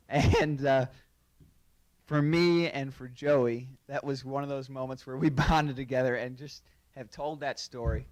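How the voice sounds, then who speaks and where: A man's voice: mid-range voice, measured pace. Laughing man telling a racing story. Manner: animated, laughs through his story. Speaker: racing driver. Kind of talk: storytelling anecdote.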